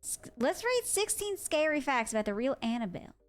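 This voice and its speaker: A young woman streaming live and chatting casually, excitable and quick to swear. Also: high voice. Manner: excitable, swears freely, loud outbursts. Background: faint music.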